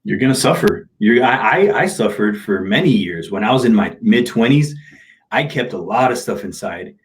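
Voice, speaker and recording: A man's voice: fairly low pitch, animated, moderate pace. A middle-aged man, a motivational speaker, speaking openly and emotionally in an interview, telling personal stories in casual slang. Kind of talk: candid interview talk.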